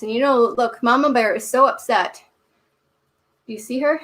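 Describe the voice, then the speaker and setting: A woman's voice: a little high, normal speed, pauses often, a bit bright, recorded from a distance. A woman reading a children's story aloud and leading kids through yoga poses in an encouraging, cheerful way, recorded indoors on a camera mic. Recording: echoey room.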